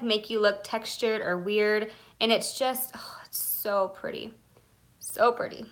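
Bright-voiced gushing young woman. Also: mid-range voice. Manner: gushing, chatty, many fillers; nervous, self-conscious. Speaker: beauty vlogger. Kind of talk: live beauty product chat.

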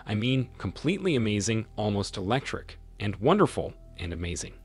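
A man voicing a wife in her forties who is leaving her husband, speaking in his own low, husky voice with lively pitch. The lines are read in a calm, pleading manner. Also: brisk, faint music behind.

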